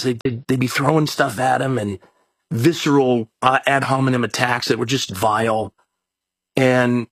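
A man who serves as both mayor and pastor tells a long story in conversation, rambling and folksy, repeating his words as he goes. His voice is medium-pitched with a breathy edge, and the recording is dry.

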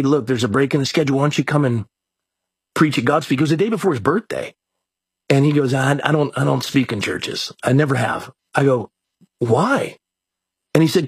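Slightly rough and on the high side, this man's voice is recorded with no echo. A mayor who is also a pastor, he spins a long, rambling, folksy story in conversation, repeating his words along the way.

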